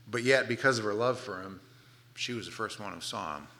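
Bright, animated male preacher. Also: lowish voice, a little fast, a little hiss or hum. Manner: animated storytelling with playful asides, dropping to soft tones for tender moments. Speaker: pastor. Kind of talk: sermon.

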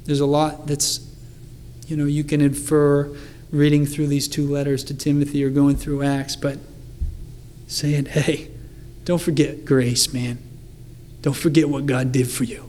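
A man's voice: on the high side, level tone, measured pace, pauses often, a little mellow, a little hiss or hum. A man preaching a sermon in an earnest, conversational way, reading scripture aloud with emphasis. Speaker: pastor.

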